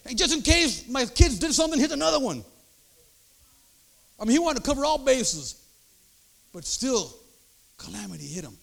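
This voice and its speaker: An older man preaching a sermon, emphatic, checking in with the crowd through quick rhetorical asides. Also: very high voice, big pitch swings, creaky, a bit bright. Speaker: pastor.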